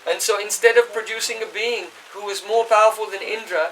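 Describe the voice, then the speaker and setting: A man's voice: high voice, fairly even intonation, brisk, fairly bright tone, slight background noise. A man giving a scripture class, explaining at length, chanting Sanskrit verses and checking in with his listeners. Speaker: spiritual teacher. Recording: voice distant from the mic.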